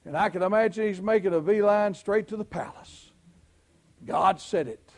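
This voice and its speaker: Southern preacher man, folksy, high voice with a gravelly edge, shouts at the big parts. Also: normal speed. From Southern United States. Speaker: pastor. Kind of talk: sermon.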